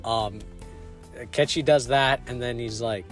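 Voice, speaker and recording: A man's voice: medium pitch, unhurried, faint music behind. A young man rambling about a video game from a small closet, chuckling and cutting himself off. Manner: rambling, chuckling, self-interrupting. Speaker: video host. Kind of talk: casual rambling game recap.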